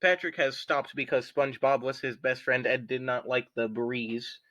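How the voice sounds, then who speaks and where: A man's voice: medium pitch, steady tone, normal speed, fairly bright tone, dull audio. A young man casually reading a story aloud with friends, joking and giggling.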